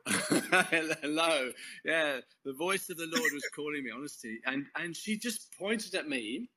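A guest who leads a Christian course, this English man speaks in a slightly high, bright, forceful voice with lively intonation at a measured pace. He offers a casual testimony in conversation, telling his faith story loosely, with many false starts and small laughs.

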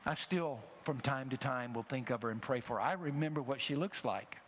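A middle-aged man preaching a sermon, telling a personal story with emotion and rising to loud exhortations. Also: mid-range voice, fairly quick, a little hiss or hum. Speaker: traveling preacher.

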